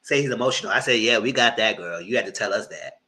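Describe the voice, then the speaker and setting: A man giving live commentary on a reality TV show, animated and cussing, mocking the people in it. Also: fairly low pitch, fast, rough recording. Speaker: reality TV reviewer.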